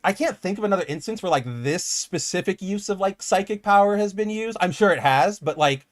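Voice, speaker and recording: Young male podcast co-host, animated, fairly high voice, quick to act out quotes in a casual comic chat. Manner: animated, acts out quoted lines.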